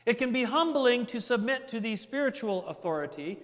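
A middle-aged pastor preaches a chatty, conversational sermon in an extremely high-pitched, animated voice that is fairly quick and a bit bright. He tells anecdotes and repeats words to build each point, and long hall reverb surrounds him.

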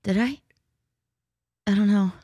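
A woman co-hosting a chat show, teasing her partner and quick to laugh. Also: medium pitch, fairly even intonation, dark tone, slightly rough, dry recording. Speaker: podcast co-host. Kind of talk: casual chat with a co-host.

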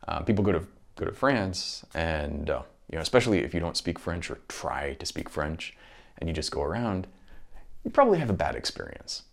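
A man's voice: low voice, very animated, brisk, vocal fry. A man talking through his thoughts in a casual monologue, rambling and restarting often.

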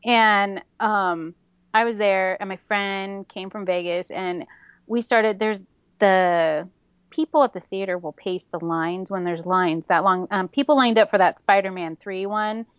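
A woman's voice: mid-range voice, smooth, no echo. A woman telling funny stories in a casual podcast chat, laughing often and acting out what people said. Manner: giggly, fast storytelling with acted-out quotes. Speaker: guest.

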